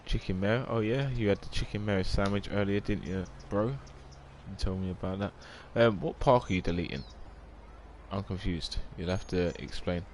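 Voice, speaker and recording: Man, deep low voice, rambling live-stream chat, faint background hiss. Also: moderate pace, darkish tone. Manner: rambling, chatty, reads viewer comments aloud.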